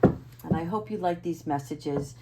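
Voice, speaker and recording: A woman giving a casual spiritual oracle card reading to her viewers, earnest and gentle, often checking in with "right?" and sometimes assertive. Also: sits low, unhurried, very noisy.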